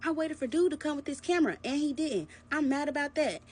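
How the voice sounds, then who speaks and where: Woman voicing a loud, squeaky-high liar boyfriend, frantic and defensive. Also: animated, fast. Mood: indignant. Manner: high-pitched, frantic yelling. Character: shouting defensive young man caught lying.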